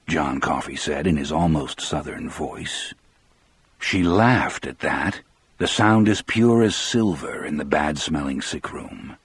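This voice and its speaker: Man reading an audiobook, measured and grave, very deep, slow, husky, dry close sound. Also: dry recording. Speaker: audiobook narrator. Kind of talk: scripted narration.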